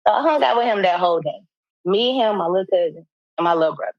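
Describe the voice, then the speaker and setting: A woman co-hosting a podcast tells a story in a loose, casual chat. She is animated and profane and breaks into laughter often. The sound is dull and lo-fi, with a dry, close feel. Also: mid-range voice, quick pace, no room sound. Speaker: podcast co-host.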